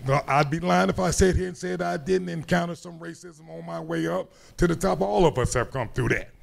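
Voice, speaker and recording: A man's voice: fairly high pitch, brisk, vocal fry. A man speaking casually on a convention panel, laid-back, swearing and laughing as he talks. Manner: laid-back, swears, laughs often, asks the crowd to follow. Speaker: panel guest, retired wrestler.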